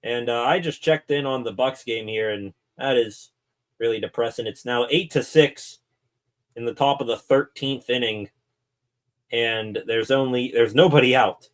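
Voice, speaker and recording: A man hosting a sports channel, giving excited live play-by-play reaction commentary that rambles with fillers and self-corrections. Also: mid-range voice, normal speed.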